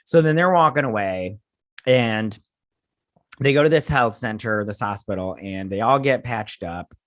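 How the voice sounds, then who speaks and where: Excitable rambling male reviewer. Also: lowish voice, a little slow, no room sound, studio quality. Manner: rambling, excitable, with frequent restarts and acted-out quotes. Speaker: host. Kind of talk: casual episode recap and review.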